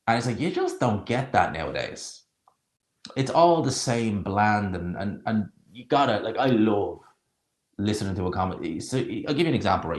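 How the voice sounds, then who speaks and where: A man streaming a live watch-along, chatting casually and sarcastically, rambling and stopping to search for names. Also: lowish voice. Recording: roomy echo.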